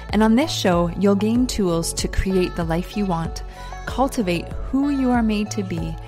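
Low gravelly-voiced woman podcast host. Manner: earnest storytelling, dropping to soft near-whispers for emphasis. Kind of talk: faith-based self-help podcast talk.

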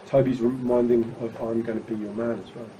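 A man asking quick, incredulous questions in casual chat in a music studio. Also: mid-range voice, level tone, mellow, slight background noise, low-quality recording. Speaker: husband asking questions during a session.

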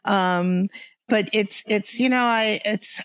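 A woman's voice: medium pitch, no echo. Older woman with a New York accent. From New York area. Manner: halting, many restarts and fillers, laughs easily. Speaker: guest artist and illustrator. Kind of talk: casual interview chat.

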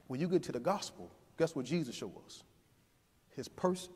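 A man preaching with a high, ringing voice that swells to near shouts and falls back low. It has a call-and-response rhythm, and his words carry a long reverb through the church hall. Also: expressive, moderate pace, breathy edge. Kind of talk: sermon. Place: church sanctuary.

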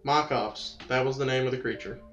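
A man giving casual, rambling gameplay commentary as a let's-play host, yelping excitedly whenever his creature gets attacked. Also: mid-range voice, fairly quick, dull audio. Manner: chatty, rambling, excitable yelps when attacked. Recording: roomy, distant mic, game music behind. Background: game music.

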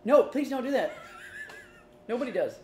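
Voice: mid-range voice, big pitch swings, unhurried, darkish tone. A co-host of a casual beer review livestream, chatty and teasing, swearing casually. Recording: roomy room with faint noise.

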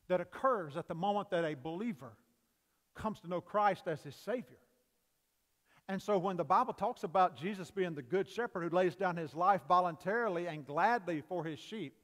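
Male preacher, high voice, booming then hushed, long church reverb. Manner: preaching with sharp swings between loud emphasis and hushed, quiet passages. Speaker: pastor. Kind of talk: sermon. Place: church sanctuary.

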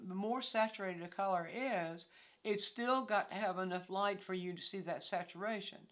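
A woman's voice: on the low side, fairly bright tone. Older woman art teacher thinking aloud. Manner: thinking aloud with many restarts and fillers. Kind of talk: informal art lesson. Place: outdoors among fallen leaves.

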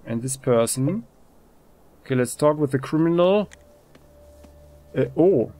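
A man casually commenting on a role-playing game he is playing, thinking aloud in a relaxed way. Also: on the high side, a little slow, pauses often. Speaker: let's play host.

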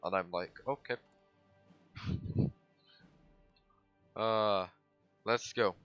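A man giving casual, excitable commentary while livestreaming a strategy game, swearing and breaking into sudden loud outbursts. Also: mid-range voice, a little slow, lo-fi sound, faint music behind. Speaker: gaming livestreamer.

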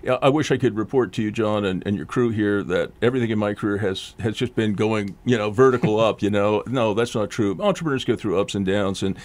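A man's voice: lowish voice, brisk, hardly any pauses. An older man from Canada, a radio interview guest, telling long rambling stories full of restarts and asides. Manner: rambling, chatty, lots of restarts and self-interruptions. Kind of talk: casual interview storytelling. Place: radio studio. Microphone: studio mic.

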